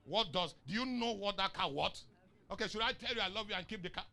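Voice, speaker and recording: A Nigerian man preaching a sermon, asking the congregation questions and rising into shouts on key lines. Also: high-pitched, expressive, fast talker. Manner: asks the crowd questions and waits for answers. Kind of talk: sermon with call and response.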